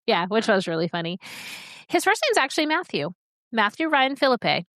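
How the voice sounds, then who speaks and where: A woman co-hosting a podcast in casual chat, talking in a chatty, rambling way with quick asides. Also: fairly high pitch, sing-song, a bit bright, no room sound, studio quality. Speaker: podcast co-host.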